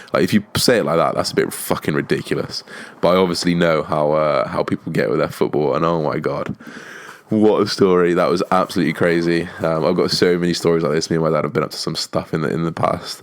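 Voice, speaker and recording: Young guy on his podcast, low deep voice, telling a wild story, swears a lot. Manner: animated, swearing often, quick bursts. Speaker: podcast host. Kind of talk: casual storytelling monologue.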